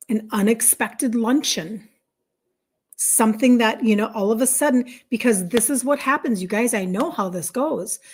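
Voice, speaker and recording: Her voice fairly high in pitch with a darkish tone, a middle-aged health coach hosts a casual livestream. She's upbeat and energized, welcoming viewers and reading out their comments.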